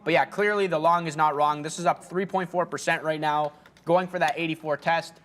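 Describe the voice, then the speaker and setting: A man's voice: on the high side, fairly even intonation, a little fast, fairly bright tone. A man co-hosting a live day-trading stream in a studio, giving loose market commentary full of fillers. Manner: rambling, trails off with fillers. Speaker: day trader co-host.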